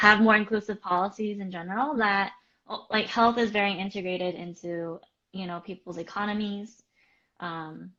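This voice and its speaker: Casting: woman co-host, bright and clear tone, chatty with lots of fillers, dull lo-fi stream sound. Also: on the low side. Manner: chatty, filler-heavy, answers viewer questions. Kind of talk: casual live-stream chat.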